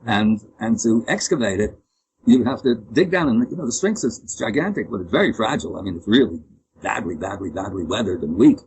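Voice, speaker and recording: A man's voice: on the low side, expressive, fairly quick, a little mellow, muffled recording, a little hiss or hum. A man giving an opinionated, rambling interview, often restarting his sentences. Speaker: interview guest. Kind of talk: conversational interview.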